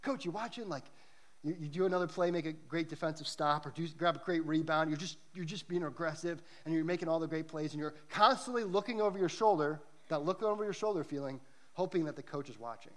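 A man's voice: a little high, fast, fairly bright tone. A man preaching a sermon to a church congregation, earnest and emphatic, telling stories to make his points. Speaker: pastor. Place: church service.

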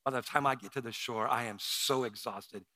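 A man's voice: medium pitch, normal speed, bright, forceful tone, dry recording. A man preaching a sermon, telling a personal story with emotion and frequent stammered restarts.

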